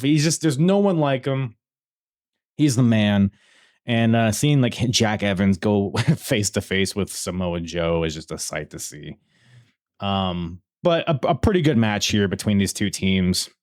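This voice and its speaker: A man hosting a casual wrestling review podcast, talking excitedly, laughing and swearing as he tells the story. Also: fairly low pitch. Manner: excitable, swears freely, laughs while telling. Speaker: podcast host.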